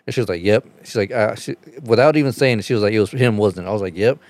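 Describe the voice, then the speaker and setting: A man chatting casually on a podcast, telling a rambling, profane story and getting animated as he retells it. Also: on the low side, rapid-fire, no room sound.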